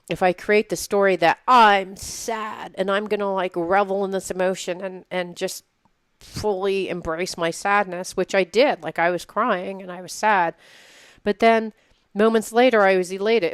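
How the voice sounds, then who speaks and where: A woman in her forties co-hosting a casual talk show, telling a personal story in an animated way and acting out her own inner voice. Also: medium pitch, moderate pace, clean tone, dry recording. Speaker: podcast co-host. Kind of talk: casual chat.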